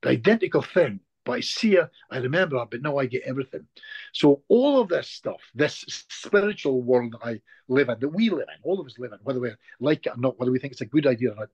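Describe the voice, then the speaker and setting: Animated Scottish man telling a story. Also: medium pitch, fast, husky, no echo, muffled recording. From Scotland. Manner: animated, repeats words when moved. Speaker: hypnotist guest. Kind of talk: emotional storytelling in conversation.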